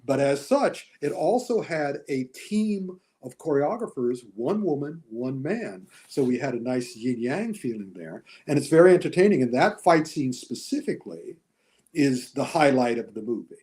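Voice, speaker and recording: A man chatting as a guest on a movie discussion show, animated and chuckling as he tells his opinions. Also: medium pitch, normal speed. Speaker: guest film critic and author.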